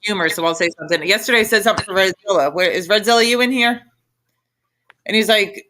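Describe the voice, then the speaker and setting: A woman's voice: mid-range voice, fast talker, sharp tone. A woman chatting casually as co-host, rambling with many fillers in a blunt, loose way. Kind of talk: casual chat.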